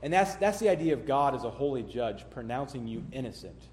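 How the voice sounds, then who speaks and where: A man preaching a sermon as a pastor, teaching emphatically and pushing key words louder before dropping back down. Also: mid-range voice, sing-song, a little fast, roomy sound, a little hiss or hum. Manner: emphatic, rises and drops in volume for stress.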